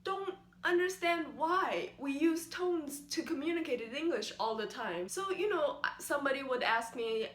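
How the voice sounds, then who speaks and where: A woman's voice: sits high, expressive, normal speed, few pauses. A young woman vlogging casually, explaining in a playful, rambling, self-mocking way. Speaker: YouTuber. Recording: echoey room.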